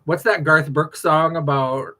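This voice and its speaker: A man, a drag performer, chatting casually on a late-night livestream, animated, laughing often and drifting from story to story. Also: fairly high pitch, measured pace.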